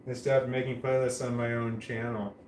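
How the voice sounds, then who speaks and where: A man vlogging casually to camera, speaking in a flat, droning monotone with a slight lisp on his S sounds and frequent restarts. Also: medium pitch, normal speed, echoey room, a little hiss or hum, low-quality recording.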